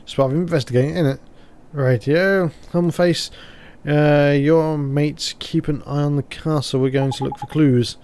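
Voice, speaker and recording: A man's voice: fairly high pitch, fairly even intonation, moderate pace, darkish tone, a little hiss or hum, natural voice. A man reading out the lines of a cheeky little fairy sidekick, talking in a folksy, chummy way full of tag questions. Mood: chatty.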